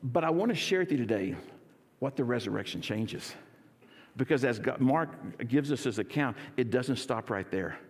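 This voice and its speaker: Energetic pastor in a reverberant church. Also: male voice, mid-range voice, normal speed. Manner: energetic, leads congregation in call and response. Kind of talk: sermon. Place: church sanctuary.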